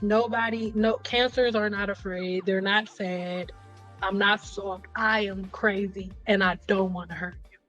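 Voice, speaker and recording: A woman hosting a casual livestream chat, telling stories in an animated way, acting out the voices she quotes and joking bluntly with her viewers. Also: medium pitch, a little slow, dull audio, soft background music. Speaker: livestream host. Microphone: computer mic on a livestream.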